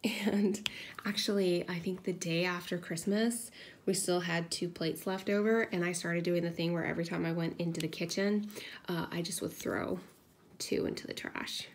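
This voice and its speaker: A woman in her thirties hosting a crafting vlog, telling a rambling, self-deprecating story in a casual chatty way, sometimes dropping to a hush. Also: on the low side, steady tone, normal speed, slight background noise. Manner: drops to a hush at times, kids asleep nearby. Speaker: craft video host. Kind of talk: casual chat while crafting.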